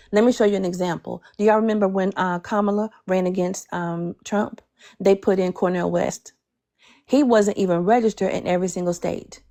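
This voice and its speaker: Measured woman speaking to a group, gravelly and mellow tone. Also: medium pitch. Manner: measured and persuasive, with some hesitations. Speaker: speaker in an online group call. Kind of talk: speech to a group.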